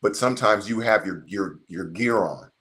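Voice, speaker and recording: A man's voice: on the low side, moderate pace, a bit bright. A man, a pastor, casually chatting and telling a story earnestly, speaking straight to his viewers. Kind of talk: casual chat.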